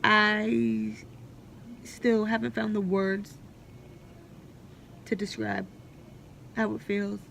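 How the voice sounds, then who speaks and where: A woman's voice: medium pitch, flat delivery, extremely slow, gravelly, long pauses, fairly bright tone. A woman in her late twenties vlogging candidly and bluntly from a hospital room, swearing freely. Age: 20s. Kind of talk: personal hospital vlog. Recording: faint hospital background noise.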